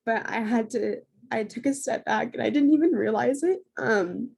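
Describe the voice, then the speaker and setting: A woman's voice: fairly high pitch, normal speed, vocal fry, darkish tone, breathy edge. A woman giving an earnest personal testimony on a team call, emotional and laughing now and then through it. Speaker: guest speaker on a team call.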